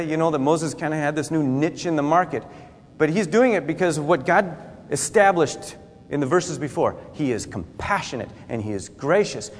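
Conversational male pastor in a reverberant hall. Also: on the high side. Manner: conversational, dramatizes scripture with acted asides. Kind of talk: sermon.

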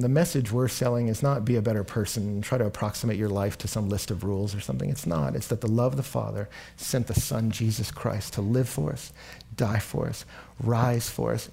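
Young male preacher from Texas, husky tone, lively storyteller. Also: mid-range voice. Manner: animated storytelling, rising and louder in anecdotes. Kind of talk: sermon.

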